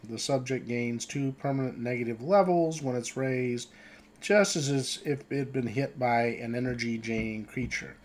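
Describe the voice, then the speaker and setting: A game master for a tabletop role-playing game speaks at normal speed with a medium pitch. He is relaxed, chuckling often as he narrates scenes and reads the rules.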